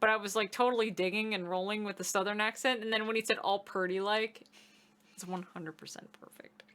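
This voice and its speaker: Woman co-streamer, jokey and excitable, bright crisp tone. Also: mid-range voice, fast. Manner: chatty, joking, excitable. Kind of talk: casual chat over gameplay.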